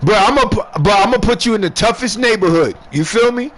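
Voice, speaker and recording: An older man from Brooklyn with a New York accent, chatting casually and telling animated, slang-heavy stories while he plays a video game. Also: high-pitched, a little fast. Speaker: gamer streaming online play. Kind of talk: casual chat while gaming.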